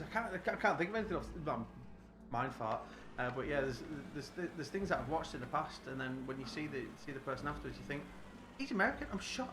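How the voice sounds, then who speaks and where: A British man chatting casually while streaming a game, rambling and restarting his sentences. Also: medium pitch. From United Kingdom. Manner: rambling, full of restarts and fillers. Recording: roomy echo, background noise.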